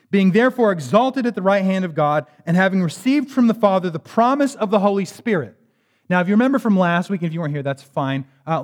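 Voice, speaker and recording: A man preaching a sermon, reading scripture and explaining it in a conversational, emphatic way with joking asides. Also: sits high. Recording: reverberant hall.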